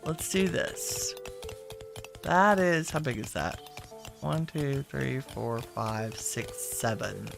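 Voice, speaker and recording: A woman's voice: a bass voice, takes it slowly, creaky, music in the background. A woman giving casual gameplay commentary, chatty and talking to her game characters as she plays. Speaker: game streamer.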